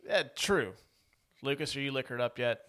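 A man co-hosting a movie podcast in easy, casual conversation. His voice is smooth and resonant at a middle pitch, and he rambles happily into side topics. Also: expressive, moderate pace, bright, forceful tone. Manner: talkative, goes off on tangents. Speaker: podcast co-host. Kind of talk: casual movie-review chat.

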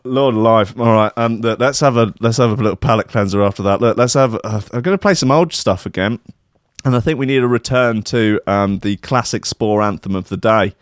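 A man's voice: mid-range voice, dry recording, studio quality. A man hosting a radio show, rambling through crude, irreverent banter and often laughing at his own jokes. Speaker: radio host. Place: radio studio.

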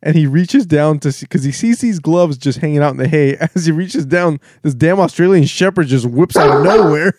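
A young man with a slightly raised pitch talks casually about a movie, chuckling as he adds details. The recording is dry and close. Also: expressive, normal speed, darkish tone, no echo. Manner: laughs often, adds plot details. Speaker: podcast co-host. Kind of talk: casual movie recap chat.

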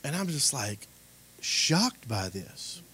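A man preaching a sermon and telling his own story, his voice often rising and growing loud at emphatic points. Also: medium pitch, big pitch swings, slow, a little hiss or hum. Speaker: pastor. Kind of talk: sermon with personal testimony.

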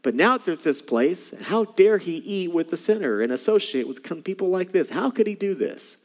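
A man preaching a sermon as pastor, animated, swinging from hushed, intimate lines to emphatic ones. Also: sits high, normal speed, long reverb tail.

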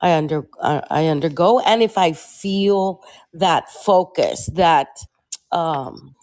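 Halting woman in casual talk. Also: sits low, a little mellow. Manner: halting, many restarts and repeated words. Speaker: panel guest. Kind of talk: casual discussion.

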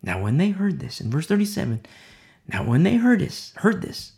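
A male preacher gives a dramatic sermon with a gravelly, creaky voice. His pitch leaps around widely as he swings from loud declarations to hushed whispers. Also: sing-song, normal speed.

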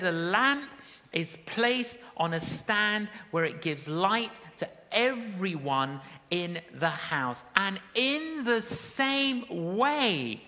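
A woman preaches to her congregation with a bright, forceful voice. She tells stories warmly and then rises to emphatic, repeated calls. Her voice rings out in a large church hall with a long echo. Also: lowish voice. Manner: storytelling, rising to emphatic calls. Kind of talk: sermon.

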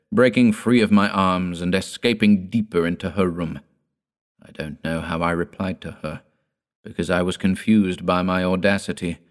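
Man, audiobook narrator, first-person gothic story, measured, dramatic, very deep voice.

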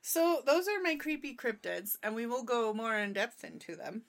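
A woman co-hosting a casual comedy podcast, excitable and quick to laugh. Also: fairly high pitch, vocal fry. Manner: giggly, excitable, jokey. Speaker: podcast co-host.

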